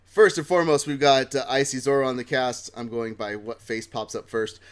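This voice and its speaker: A man's voice: medium pitch, a little fast, clear, resonant tone. A man hosting a live nerd-culture podcast, chatting casually with fillers and laughs. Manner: relaxed, joking, filler-heavy. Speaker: podcast host. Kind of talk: casual chat.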